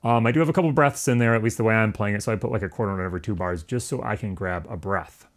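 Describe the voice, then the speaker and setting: A man's voice: lowish voice, rapid-fire, slight background noise. A man teaching a music lesson in a casual, explanatory way, now and then singing rhythms on syllables. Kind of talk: instructional lesson.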